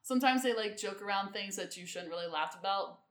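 A woman's voice: medium pitch, brisk, a bit bright, reverberant. A woman co-hosting a podcast, chatting casually and rambling with many ums and restarts. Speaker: podcast co-host. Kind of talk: casual chat.

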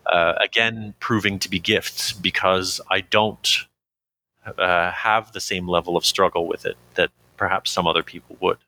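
Reflective man with a bright, forceful voice. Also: low voice, fairly even intonation, moderate pace. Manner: reflective, hesitant with frequent fillers, laughs easily. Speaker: interview guest. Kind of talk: candid conversational interview.

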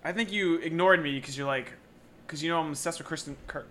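A young man chats quickly and jokingly with a co-host, often laughing. His voice is bright and a touch high. There is a faint hiss in the background. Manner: laughing, jokey, acts out quotes. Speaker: podcast co-host. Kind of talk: casual banter.

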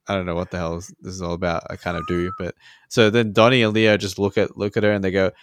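A man's voice: deep voice, little pitch movement, quick pace, a little hiss or hum. A man with an Australian accent, co-hosting a podcast in casual chat, rambling and profane and laughing often. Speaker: podcast co-host.

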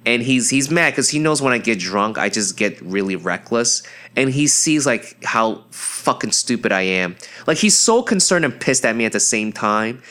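A young man hosting a podcast, telling a story in a rambling, profane and excitable way, full of fillers and restarts, and jumping into high yelps when he acts out his friends. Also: normal speed, hardly any pauses. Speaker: podcast host. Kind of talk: casual storytelling monologue.

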